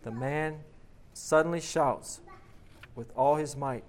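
A man's voice: medium pitch, takes it slowly. A man preaching, reading a dramatic story aloud and then leading a prayer, emphatic on repeated questions. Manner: emphatic, rising on rhetorical questions.

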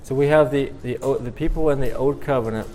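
A man preaching a sermon in a halting way, repeating words and then swelling with emphasis. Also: mid-range voice, mellow, soft background music.

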